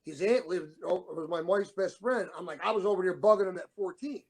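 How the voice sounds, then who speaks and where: A former wrestler now co-hosting a talk show, this middle-aged man talks a little fast in a high voice. He tells casual, meandering stories and acts out the quoted dialogue.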